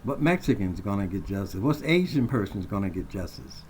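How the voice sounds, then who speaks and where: A man's voice: on the low side, expressive, a little fast, hardly any pauses, a little mellow, breathy edge. A man venting in a heated, profane rant recorded on his phone, hurling blunt accusations. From Colorado. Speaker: vlogger. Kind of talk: angry rant to camera. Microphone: phone camera.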